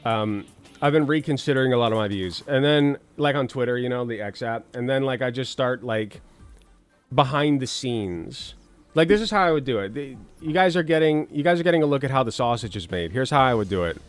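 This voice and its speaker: Sarcastic guy rambling through politics commentary, crude jokes, lots of swearing, mid pitch. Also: expressive, a little fast, clear, resonant tone, soft background music. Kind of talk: casual commentary.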